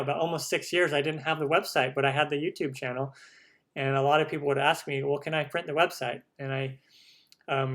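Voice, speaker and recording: A man's voice: on the high side, fairly bright tone. A man hosting a cooking channel live stream, chatting casually with viewers, rambling and humming while he scrolls.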